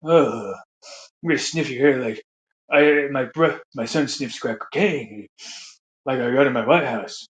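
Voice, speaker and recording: A man voicing a creepy old male politician in a breathy, hushed whisper. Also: medium pitch, unhurried, roomy sound, pitched below the performer's own voice, lightly acted.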